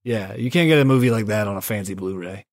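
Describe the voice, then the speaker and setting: A man's voice: lowish voice, fast talker. Laid-back swearing podcast host, a man. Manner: laid-back, swears freely, says "dude" and "son". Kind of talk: casual chat.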